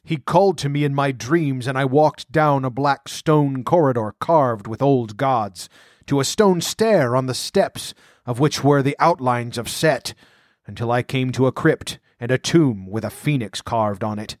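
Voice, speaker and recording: A man voicing a wounded, wrathful barbarian king in a storybook reading, with a growling, forceful delivery. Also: mid-range voice, measured pace, no room sound, studio quality, lightly acted. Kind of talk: audiobook character voice.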